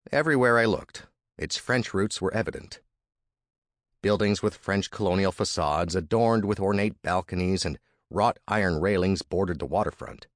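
Deep-voiced man narrating a story. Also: no room sound, studio quality. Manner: dramatic, vivid storytelling. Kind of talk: scripted first-person narration.

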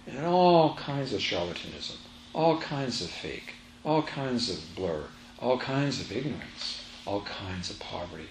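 Recorded with roomy echo, faint ambience, and a little hiss or hum, a man with a fairly low voice delivers a spiritual teaching talk before a live audience. He's emphatic, repeating phrases as he tells a story.

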